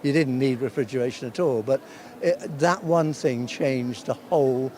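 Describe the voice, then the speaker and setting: A man's voice: medium pitch, moderate pace, a little mellow. An older man in a casual interview, telling rambling stories about the early years, chuckling as he goes. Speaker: awards founder interviewed. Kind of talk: anecdotal interview chat.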